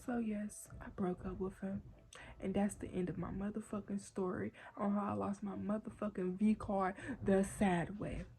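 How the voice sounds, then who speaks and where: A young woman vlogger telling a storytime tale in animated, profane street slang while she smokes. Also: mid-range voice, normal speed, a little hiss or hum. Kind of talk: casual storytime vlog.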